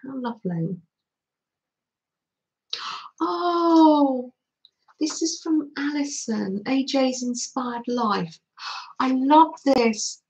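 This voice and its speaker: A woman's voice: high voice, animated, takes it slowly, a little mellow, poor audio. An older woman hosting a casual craft livestream, gushing over her materials and answering viewers' comments as she works.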